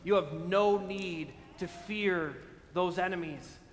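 High-voiced preaching man in a reverberant hall. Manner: emphatic preaching with slow stressed phrases and frequent "right?". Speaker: pastor. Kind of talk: sermon.

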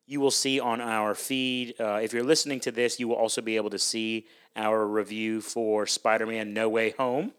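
A man's voice: on the low side, flat delivery, moderate pace, hardly any pauses, fairly bright tone, clean tone. A man hosting a casual podcast, upbeat and loose, laughing often as he leads the chat. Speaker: podcast host.

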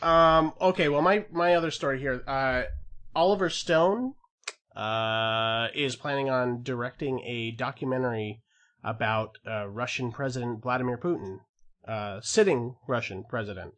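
Speaking at a moderate pace in a medium-pitched, slightly bright voice, a male podcast co-host rambles casually, full of fillers and false starts.

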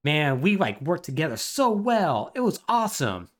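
A man voicing Freak, a young male basketball star who is boastful and petty, in a higher, excited buddy tone. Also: moderate pace. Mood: gushing.

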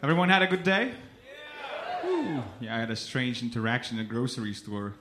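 A young man from Lithuania with a Lithuanian accent, performing a stand-up comedy set in a deadpan storytelling manner on a club stage. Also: mid-range voice, a little fast, echoey room, background noise. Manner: deadpan storytelling, acts out quoted people.

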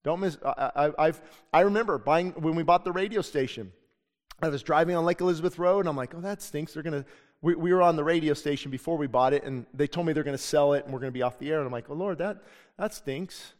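A middle-aged man, talking fast in a higher-than-average voice with fairly even intonation, preaches as pastor in a church sanctuary. His sermon is earnest and conversational, built on his own life stories, under a long hall reverb.

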